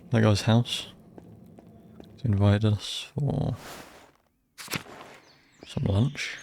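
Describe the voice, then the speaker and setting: A man's voice: fairly low pitch, warm tone, slight background noise. A man streaming a game, chatting casually and muttering to himself as he plays. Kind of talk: casual gameplay commentary.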